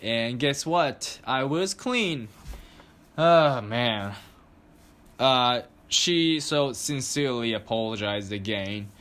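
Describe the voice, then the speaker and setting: A man's voice: mid-range voice, a bit bright. A male podcast host telling a story in a loose, casual monologue. His talk is crude and full of swearing, and it carries an exasperated edge.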